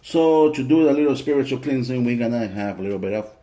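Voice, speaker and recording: A man's voice: medium pitch, animated, fast, mellow. A man teaching a spiritual ritual in a casual, joking, chatty way, swearing now and then. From family from El Salvador. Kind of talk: casual spoken tutorial.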